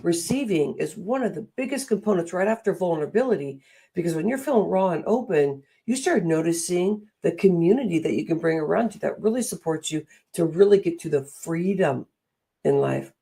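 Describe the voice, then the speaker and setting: A middle-aged woman giving a motivational talk, animated and acting out the voices she quotes. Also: lowish voice, a little fast, slightly rough. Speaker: speaker and coach.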